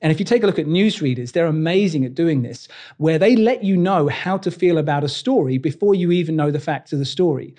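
A British body language coach, a man, speaks in a conversational interview with a British English accent, acting out quoted lines with animation. His voice is on the high side, mellow, animated and fairly quick.

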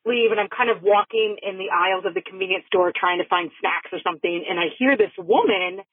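A woman's voice: mid-range voice, brisk, breathy edge, no room sound, narrow, tinny audio. A woman caller telling a funny anecdote, giggly and breaking into laughter as she goes.

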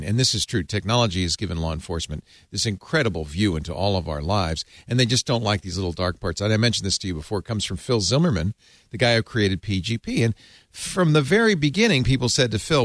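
A man hosting a podcast discussion, talking in a wry, animated way and putting questions to his guests. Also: fairly low pitch, fast, dry recording, studio quality. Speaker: podcast host. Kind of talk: casual discussion.

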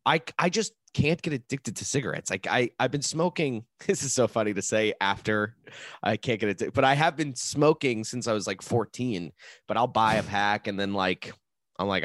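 Low-voiced man in rambling podcast chat. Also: no echo, studio quality. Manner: rambling, animated storytelling with playful voices. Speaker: podcast co-host. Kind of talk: casual chat.

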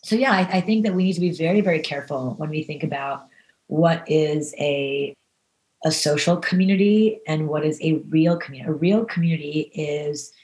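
Earnest low-voiced woman, chatty guest. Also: normal speed. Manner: animated, many fillers and restarts, earnest. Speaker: podcast guest. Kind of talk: casual interview talk.

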